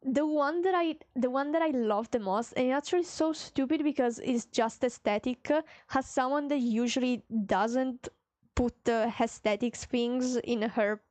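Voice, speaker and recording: Chatty high-voiced woman streamer. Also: moderate pace, darkish tone, no room sound. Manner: chatty, reads chat aloud, playful. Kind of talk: casual chat with viewers.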